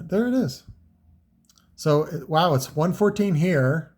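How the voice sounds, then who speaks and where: This car audio seller sounds a little high, expressive, and a little mellow, speaking slowly. He rambles through a casual, unscripted review of his gear, with frequent fillers and cursing.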